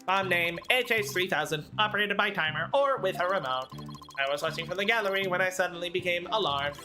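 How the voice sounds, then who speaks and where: A woman voicing a male bomb disposal expert who talks in a flat, clipped, robot-like monotone. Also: on the low side, a little fast, faint music behind. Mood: deadpan. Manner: clipped, terse, mechanical phrasing. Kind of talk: reading game dialogue aloud.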